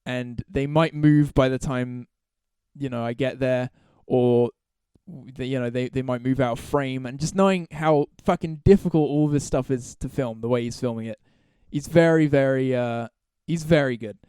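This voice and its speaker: A man's voice: medium pitch, fairly even intonation, moderate pace, mellow, smooth, no room sound, clean studio sound. A man hosting a solo podcast, talking casually in long, rambling, profane stretches full of restarts and laughs. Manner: laughs through his stories. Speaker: podcast host.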